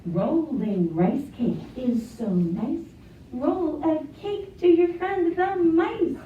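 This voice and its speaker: A woman voicing a family of grateful mice in a slow, sing-song chanted rhyme, for a children's story. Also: fairly high pitch, animated, slight background noise, lightly acted. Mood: chanting. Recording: echoey, distant, dull, piano behind.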